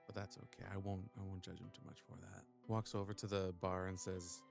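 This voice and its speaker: Relaxed man playing a tabletop game. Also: deep voice, a little fast, creaky, hardly any pauses, over music. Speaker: player.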